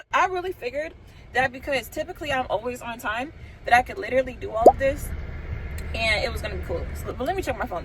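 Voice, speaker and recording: Young woman rambling nervous to the camera in her car, bit high voice, faint traffic outside. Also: fairly bright tone, rough recording. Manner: nervous, giggly, chatty, talking to viewers as girls. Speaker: vlogger. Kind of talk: casual vlog chat. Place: parked car.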